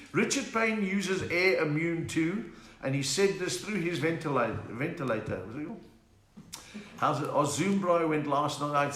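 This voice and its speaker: A man's voice: a little high, fairly bright tone. A South African man hosting a live stream from home, chatting casually, punning and reading out viewers' names. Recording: echoey room.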